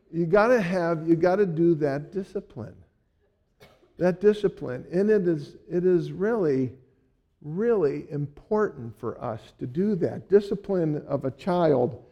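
A man's voice: on the high side, lively intonation, measured pace, gravelly, dull audio. An older man preaching through a rambling family story, chuckling often as he goes. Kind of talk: storytelling sermon.

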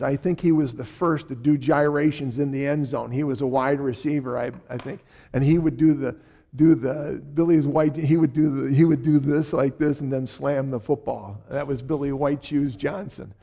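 A man's voice: medium pitch, gravelly, a little mellow. An older man preaching through a rambling family story, chuckling often as he goes. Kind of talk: storytelling sermon.

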